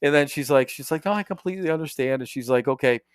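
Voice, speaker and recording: A man's voice: fairly high pitch, fast, clean tone, no echo, clean studio sound. A man from Indiana co-hosting a podcast, telling a story in casual chat, swearing and quoting people as he goes. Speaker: podcast co-host.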